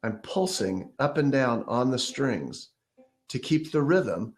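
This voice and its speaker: A man's voice: medium pitch, lively intonation, slow. A man giving a casual ukulele lesson, explaining step by step and counting beats or scatting rhythms aloud as he plays. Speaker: ukulele teacher. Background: ukulele playing.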